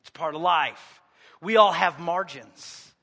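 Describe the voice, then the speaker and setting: A man preaching a sermon in a church, joking with the congregation and swinging between loud, emphatic lines and quiet asides. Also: on the high side, slow, big-room sound. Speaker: pastor. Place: church sanctuary.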